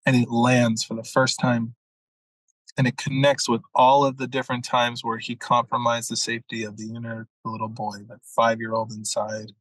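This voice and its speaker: A man's voice: medium pitch, flat delivery, normal speed, a bit bright, dry recording, rough recording. A young adult man, a mentor, telling a story in a casual podcast talk, acting out quotes and swearing freely. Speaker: masculine leadership mentor, guest.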